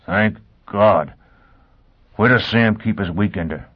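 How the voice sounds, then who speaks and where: A man voicing a hunted, desperate hulking man who croaks and mutters in a low voice. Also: takes it slowly. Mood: urgent. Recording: tinny phone-like sound.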